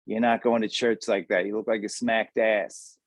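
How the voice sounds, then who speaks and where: A man's voice: lowish voice, flat delivery, moderate pace, no echo, clean studio sound, natural voice. A man putting on an impression of a scolding, disappointed middle-aged mother with a New Jersey accent. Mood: nagging. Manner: nagging, disappointed, blunt.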